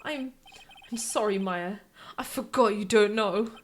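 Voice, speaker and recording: A woman's voice: medium pitch, unhurried, a little hiss or hum, lightly acted. A woman voicing an earnest young male defense lawyer, speaking in a hesitant, apologetic way.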